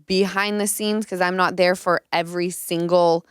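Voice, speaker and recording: A woman in her thirties chats candidly on her own podcast, her voice smooth and resonant. The recording is dry and close. She tells her stories in an animated way, full of "like" fillers. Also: on the low side, moderate pace, no room sound. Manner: candid, animated storytelling with frequent "like". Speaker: podcast host. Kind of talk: casual chat.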